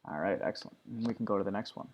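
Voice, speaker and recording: A man teaching, talking through a screen-recorded software tutorial in a relaxed, step-by-step way. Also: on the low side, very fast, slightly rough. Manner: relaxed step-by-step walkthrough talk.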